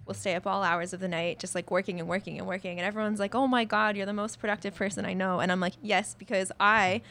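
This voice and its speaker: A woman in her twenties, a musician talking casually and quickly in an interview, laughing often. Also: mid-range voice, flat delivery, a bit bright. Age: 20s. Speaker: musician guest.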